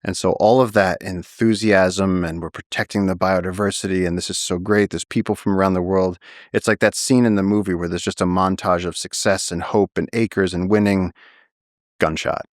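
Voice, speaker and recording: A man's voice: sits low, fairly even intonation, normal speed, no room sound, clean studio sound. A man, a naturalist guest on a podcast, vividly telling a story and acting out the quotes. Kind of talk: storytelling in a long-form interview.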